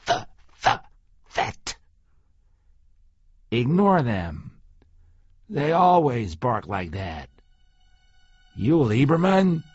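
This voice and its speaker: Man playing menacing older german nazi doctor, german accent, slow clipped commands, husky, dry muffled recording. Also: mid-range voice, sing-song, a little mellow, no room sound, full character voice. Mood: rehearsing.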